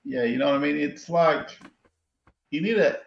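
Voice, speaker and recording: A man's voice: fairly high pitch, normal speed, vocal fry. A man co-hosting a casual football chat, hesitant and often restarting his sentences. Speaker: podcast co-host. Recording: dull, roomy remote mic.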